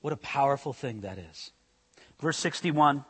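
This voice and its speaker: A man preaching a sermon, swinging between loud emphasis and hushed intensity. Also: on the high side, normal speed, breathy edge, in a large hall. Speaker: pastor.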